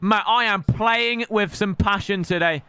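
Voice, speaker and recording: Teasing his opponent and breaking into shouts, an excitable young man commentates live on the game he's playing. He has a high, smooth voice, takes his time, and the recording has no echo.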